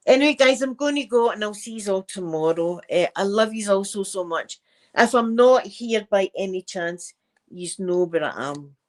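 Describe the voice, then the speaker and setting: Chatty Scottish woman telling stories. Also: mid-range voice. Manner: animated, chatty, self-mocking. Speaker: live stream host. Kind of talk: casual chat storytelling to viewers.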